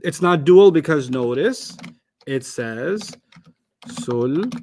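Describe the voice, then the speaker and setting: Lively, teasing male teacher. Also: on the high side, slow pace, background noise. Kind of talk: online class teaching.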